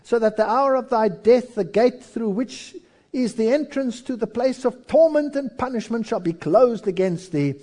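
A man's voice: extremely high pitch, expressive, normal speed, dark tone, pitched above the performer's own voice. A man voicing a pompous medieval indulgence seller in a dramatic sermon reading, proclaiming in a raised, theatrical voice.

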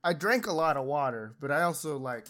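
A man's voice: fairly high pitch, lively intonation, fairly quick, a bit bright. Sick, nasal-sounding man chatting. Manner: rambling, loose and crude, laughs often. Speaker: podcast host. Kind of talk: casual chat.

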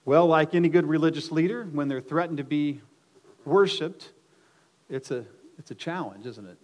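Male pastor, sermon delivery, slightly high voice, dynamic swings from hushed to shouted, frequent restarts. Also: moderate pace. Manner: swings between loud emphatic exclamations and low quiet asides; repeats words on restarts.

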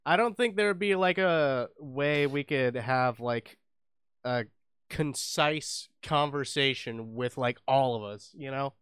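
A man's voice: medium pitch, slow, a bit bright, smooth, no room sound, clean studio sound. A young man co-hosting a podcast in casual chat, rambling with lots of fillers and restarts and swearing freely. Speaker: podcast co-host.

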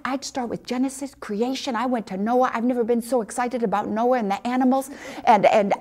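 A middle-aged woman telling a personal missionary story, acting out the dialogue with big jumps in pitch. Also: darkish tone.

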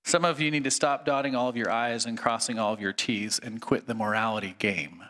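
Bright-voiced male pastor preaching. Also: medium pitch, brisk. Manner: earnest, conversational with fillers, reads aloud. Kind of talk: sermon.

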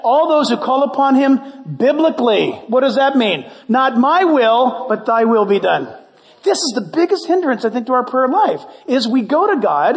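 A man preaching a sermon in a high, lively voice that leaps up and down as he acts out prayers and bits of dialogue. His playful delivery rings out with a long reverb from a big hall. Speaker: pastor.

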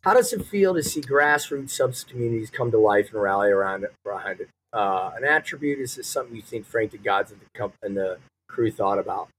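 A man co-hosting a podcast in casual chat, telling animated stories and swearing a lot. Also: lowish voice, brisk, slight background noise, low-quality recording. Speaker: podcast co-host.

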